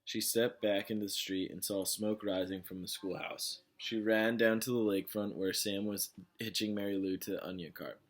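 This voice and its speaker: A man with a low voice reads a novel aloud in a casual way. He stumbles now and then and goes back over his words. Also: steady tone, normal speed, hardly any pauses. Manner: plain, with slips and restarts. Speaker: reader of a novel.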